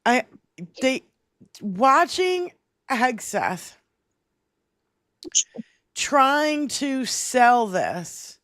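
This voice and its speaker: A woman's voice: sits high, sing-song, very slow, pauses often, a bit bright, no echo, studio quality. A woman co-hosting a political livestream in casual chat, swearing freely, laughing often and reading out viewer comments. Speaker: livestream co-host.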